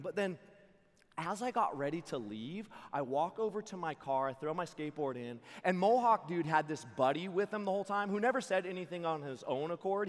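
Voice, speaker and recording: A young man preaching to a camp crowd, telling a story in an excitable, animated way and laughing along. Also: a little high. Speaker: camp speaker. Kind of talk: storytelling sermon to a youth camp. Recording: long hall reverb.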